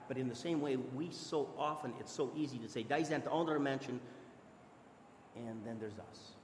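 A man's voice: medium pitch, normal speed, a little mellow, slight background noise. A man preaching a sermon in a church, earnest and conversational, often restarting his sentences. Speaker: pastor. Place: church hall. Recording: echoey hall with long reverb.

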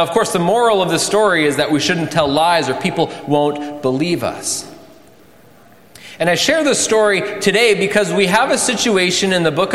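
A male pastor telling a story in a sermon, animated, his voice rising for drama and dropping for solemn points. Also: on the high side. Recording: echoey church hall.

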